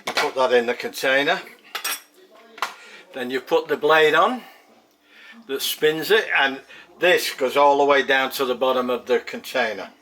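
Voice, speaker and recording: An Englishman with an English accent talks slowly and chattily to his viewers from his home kitchen. He rambles and circles back on his words at an unhurried pace, in a voice of middling pitch. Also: sharp tone, slight background noise. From England. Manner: rambling, chatty, repeats himself. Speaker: home cooking vlogger. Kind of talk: casual chat to camera.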